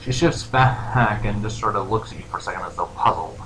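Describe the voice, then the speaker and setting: A man's voice: lowish voice, a little fast, fairly bright tone. Male game master, rambling narration, roomy echo with faint hiss. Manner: rambling, filler-heavy narration. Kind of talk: narrating a tabletop role-play. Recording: echoey room with faint noise.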